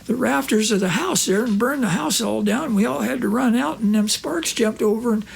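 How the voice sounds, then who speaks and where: A man's voice: very high voice, normal speed, vocal fry, slightly rough, voice pushed up, exaggerated voice. A man voicing a rambling, evasive old rancher who drawls and stumbles over repeated words.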